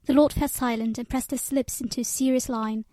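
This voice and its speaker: A woman's voice: a little high, steady tone, brisk, warm tone, no room sound. A woman reading a novel aloud and voicing its characters with little change. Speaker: audiobook reader.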